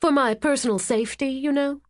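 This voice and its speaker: A woman's voice: high voice, a little fast, dry recording, pitched above the performer's own voice, natural voice. A woman voicing a skeptical female journalist who speaks in a dry, sarcastic way. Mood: wry.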